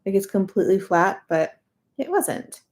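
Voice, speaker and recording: A woman's voice: medium pitch, big pitch swings, normal speed, darkish tone. A young adult woman chatting casually while she works on a jigsaw puzzle, amused, and now and then talking to the pieces. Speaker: puzzle video host.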